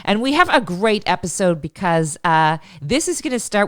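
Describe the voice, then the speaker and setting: A woman's voice: medium pitch, big pitch swings, moderate pace, hardly any pauses, fairly bright tone, dry recording, clean studio sound. A woman co-hosting a comedic chat show, joking and laughing through her sentences. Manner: jokey, laughs often mid-sentence. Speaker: podcast co-host.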